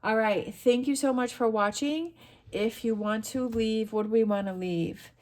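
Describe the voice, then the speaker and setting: A woman's voice: a little high, steady tone, measured pace, darkish tone. A woman reads tarot to her viewers in an earnest, motivational way. She is middle-aged and talks straight to camera. She urges her listeners on and repeats her key phrases for emphasis. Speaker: tarot reader. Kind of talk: encouraging tarot reading to camera.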